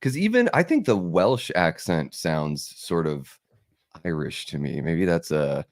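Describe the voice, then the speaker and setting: A man's voice: sits low, big pitch swings, measured pace, no echo, studio quality. A man from Alaska with a West Coast American accent, co-hosting a podcast in easygoing, rambling casual chat. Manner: easygoing, rambling, laughs often. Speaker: podcast co-host.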